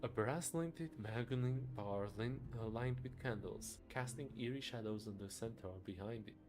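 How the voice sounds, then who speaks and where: A man's voice: medium pitch, normal speed, over music. A man streaming a game, reading its text aloud with chuckling asides and frequent stumbles.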